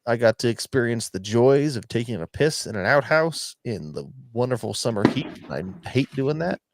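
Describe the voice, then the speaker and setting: A man's voice: mid-range voice, expressive, normal speed. A man hosting a podcast, rambling and swearing as he tells stories in casual chat. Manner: rambling, profane, storytelling. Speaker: podcast host.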